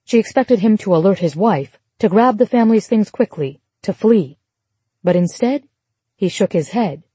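A woman narrating a dramatic novel in a measured, dramatic reading style. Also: mid-range voice, expressive, mellow, husky, no echo. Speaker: audiobook narrator. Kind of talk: scripted narration.

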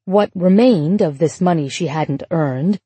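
A woman reading an audiobook in a measured, even storytelling voice. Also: on the low side, husky, no room sound. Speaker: audiobook narrator. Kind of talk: scripted narration.

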